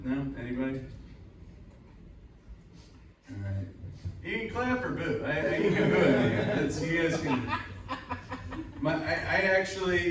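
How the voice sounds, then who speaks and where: A young man doing a stand-up comedy set at a live show, rambling, crude and self-deprecating. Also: medium pitch. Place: upstairs room of a cider house at a live show. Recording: very echoey room, voice from far off, faint room noise.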